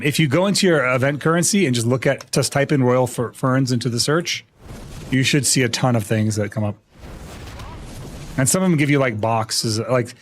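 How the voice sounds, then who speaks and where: A man's voice: medium pitch, a little hiss or hum. A man streaming live, chatting casually and joking playfully with his chat.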